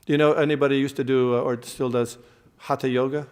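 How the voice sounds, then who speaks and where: Male lecturer, mid pitch, teaching a temple class. Explains terms, quizzes the room. Long hall reverb. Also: level tone, fast, darkish tone, clear, resonant tone. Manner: explains terms, quizzes the audience, frequent fillers and restarts.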